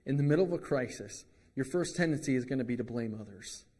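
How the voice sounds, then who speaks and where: A man's voice: medium pitch, expressive, fast talker, mellow, breathy edge. Conversational male pastor, ringing hall. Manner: conversational, with joking asides. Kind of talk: sermon.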